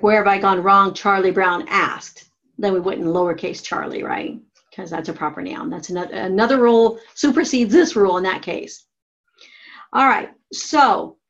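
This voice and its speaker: A woman teaching a writing class, giving slow, methodical step-by-step instructions on punctuation. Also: mid-range voice, muffled recording. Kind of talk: classroom grammar lesson.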